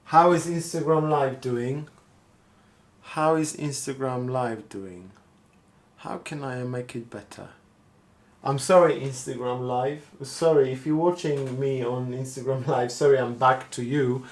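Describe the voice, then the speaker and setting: Guy chatting slow on a live stream, talks to himself a lot, repeats stuff, middle pitch. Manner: rambling, thinks aloud, repeats words. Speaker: street artist streaming live. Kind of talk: casual live-stream chat.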